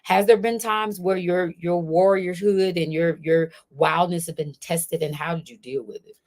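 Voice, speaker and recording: A woman's voice: lowish voice, fairly even intonation, normal speed, darkish tone. A woman hosting a conversational interview, emphatic and repeating her key words as she lays out a guest's story. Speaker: host.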